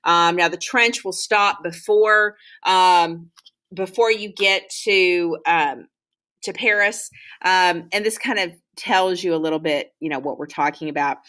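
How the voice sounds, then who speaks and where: A woman's voice: on the low side, a little slow, sharp tone. A woman teaching a history lecture in a loose, conversational way, with frequent ums and restarts. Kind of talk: classroom lecture.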